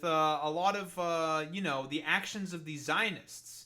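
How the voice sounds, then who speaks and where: A man's voice: fairly high pitch, expressive, moderate pace, pushed and bright. A young man giving rambling, profane, sarcastic reaction commentary as a streamer.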